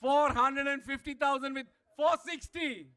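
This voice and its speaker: High bright auctioneer calling bids. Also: male voice, fairly even intonation. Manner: rapid repetitive bid calling, rising to shouts. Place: event hall.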